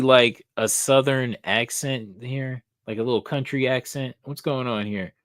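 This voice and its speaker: A man hosting a casual live stream, thinking aloud, swearing casually and getting excited. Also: mid-range voice, measured pace, hardly any pauses, dry recording, studio quality. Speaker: host of a comic book live show.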